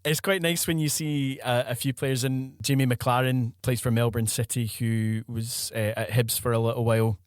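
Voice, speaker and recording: A Scottish man in his thirties, a podcast guest, telling stories in a relaxed way with plenty of fillers. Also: medium pitch, moderate pace, few pauses, clean tone, dry recording, studio quality. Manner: relaxed storytelling with many fillers. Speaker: guest, football filmmaker. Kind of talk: casual podcast chat.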